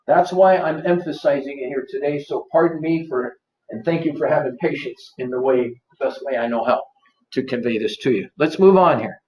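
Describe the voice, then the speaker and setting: Man lecturing a room, echoey and distant. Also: on the high side. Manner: coaxing, repeats points, quizzes the audience. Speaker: seminar presenter. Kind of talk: live workshop lecture. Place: office seminar room. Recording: roomy, distant, dull lo-fi.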